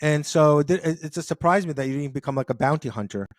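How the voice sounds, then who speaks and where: A man's voice: fairly high pitch, quick pace, no room sound. A man hosting an interview, chatty and joking, with lots of restarts. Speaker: podcast host. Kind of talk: casual interview.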